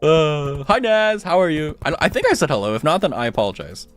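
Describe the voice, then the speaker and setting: A man's voice: a little high, sing-song, brisk, soft background music. A young man streaming a game, chatting casually with viewers and rambling through self-mocking jokes. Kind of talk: casual chat while gaming.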